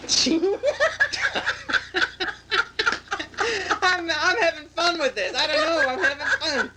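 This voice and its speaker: A woman's voice: low-pitched, normal speed, heavy background noise. A woman playing a giggly trance medium. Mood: amused. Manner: animated, giggling, coaxing. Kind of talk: comic mock séance.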